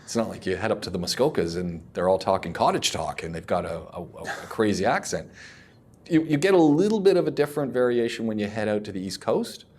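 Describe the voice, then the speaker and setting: A man's voice: lowish voice, quick pace. A man hosting a casual podcast, telling stories with lots of laughs and acted-out quotes. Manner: laughs often, animated storytelling with voiced quotes. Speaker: podcast host.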